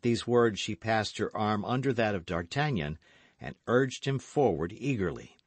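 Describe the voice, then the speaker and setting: Expressive male audiobook narrator. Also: fairly low pitch, normal speed, no echo.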